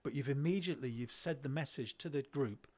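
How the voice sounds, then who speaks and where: A middle-aged man, a podcast guest telling classroom stories in a lively way, often restarting his sentences. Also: medium pitch, quick pace. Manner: animated, acts out children's voices, frequent restarts. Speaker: guest, education speaker. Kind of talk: conversational storytelling.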